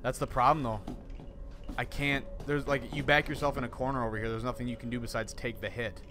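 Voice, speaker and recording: A young man streaming a horror game, talking to his chat in an excitable, jumpy way with lots of swearing. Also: medium pitch, fairly quick, background noise. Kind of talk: live gameplay commentary. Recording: voice over game music. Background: game music.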